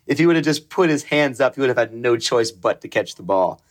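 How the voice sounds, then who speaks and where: A man's voice: medium pitch, expressive. Laughing, swearing sports podcast guy. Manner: laughs often, swears, quick storytelling asides. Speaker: podcast co-host. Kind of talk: casual sports chat.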